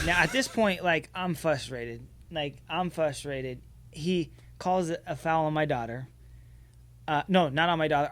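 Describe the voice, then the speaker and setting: A man co-hosting a podcast, casually telling a story with lively, acted-out quotes. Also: on the high side. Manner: animated storyteller, acts out quotes loudly. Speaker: podcast co-host. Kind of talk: casual chat.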